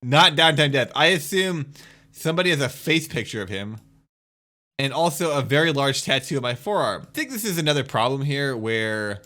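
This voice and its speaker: A man's voice: medium pitch, animated, normal speed, sharp tone. A young man ranting casually as a streamer, exasperated and swearing as he rebuts a critic point by point.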